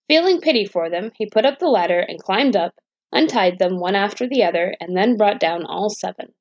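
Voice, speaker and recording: A woman's voice: mid-range voice, animated, moderate pace, darkish tone, no room sound. Woman reading a bedtime story. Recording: dull dry lo-fi recording.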